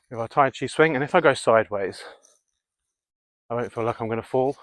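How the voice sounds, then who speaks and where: A man's voice: mid-range voice, a little fast, pauses often, fairly bright tone, no echo. A man leading an outdoor workout in the woods, coaching viewers through exercises and counting reps aloud. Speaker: fitness vlogger.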